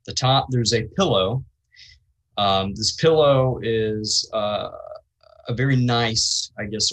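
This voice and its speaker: A man narrating a tabletop game as the game master, describing a scene slowly and with frequent ums. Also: fairly low pitch, a bit bright, poor audio.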